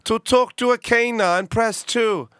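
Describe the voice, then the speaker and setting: A man's voice: very high voice, measured pace, a bit bright, clear, resonant tone, no room sound, clean studio sound, pitched above the performer's own voice. A man voicing a male automated phone menu, reciting stiff prompts. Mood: robotic.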